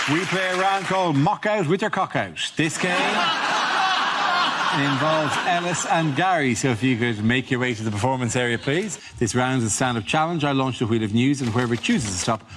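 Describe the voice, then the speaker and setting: A man hosting a comedy panel show, briskly announcing the rounds. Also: mid-range voice, lively intonation, background noise. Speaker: host.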